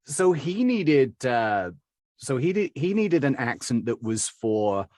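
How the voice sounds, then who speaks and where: A man's voice: mid-range voice, very animated, slow, a little mellow, no echo, clean studio sound. A middle-aged man from Birmingham, England, answering interview questions as a dialect coach, rambling with many fillers and restarts. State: recovering from covid.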